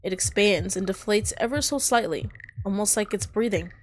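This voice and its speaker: A woman's voice: medium pitch, lively intonation, normal speed, slight background noise. A woman streamer reading a horror visual novel aloud, with dramatic delivery broken by startled asides.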